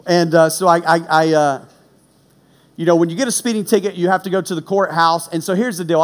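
Animated high-voiced male preacher. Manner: animated storyteller, shouts punchlines, drops low for serious points. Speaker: pastor. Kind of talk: sermon with personal story.

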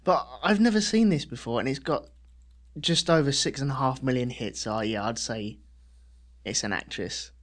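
A man's voice: medium pitch, moderate pace. A man co-hosting a casual podcast chat, rambling and joking. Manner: chatty, jokey, rambling. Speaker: podcast co-host.

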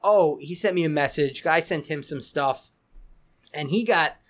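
A man's voice: fairly high pitch, a little slow. Chatty New man, stumbling restarts. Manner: rambling, many restarts and repeated words. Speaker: guest, cigar company founder. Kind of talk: casual podcast interview.

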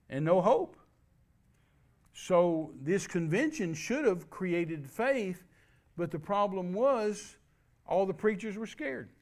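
Man, preacher, storytelling sermon, folksy, animated, raspy gravelly voice. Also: fairly high pitch. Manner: folksy, animated, acts out quotes.

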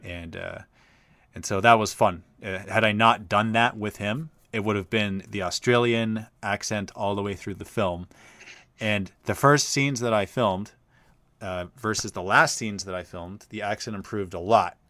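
Deep-voiced bright male host, rambling. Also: a little slow, no room sound. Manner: chatty, rambling, lots of uh fillers. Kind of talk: casual storytelling.

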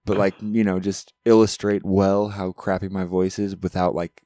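A man's voice: low voice, little pitch movement, moderate pace, mellow, dry recording, clean studio sound. A man co-hosting a podcast in a casual, playful chat, mocking himself and laughing often. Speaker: podcast co-host.

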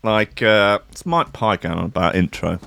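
A man's voice: lowish voice, animated, moderate pace, vocal fry, bright, forceful tone, clean tone, no room sound, clean studio sound. A man hosting a casual comedy show, talking in a sweary, rambling and sarcastic way. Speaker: host.

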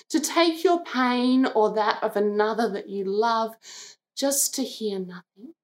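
A woman delivers a devotional sermon in a gentle, earnest way. Her voice sits a little high, and she takes her time, letting each short phrase land before going on. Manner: slow, gentle and earnest, briefly acting out the sisters' lines. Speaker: preacher.

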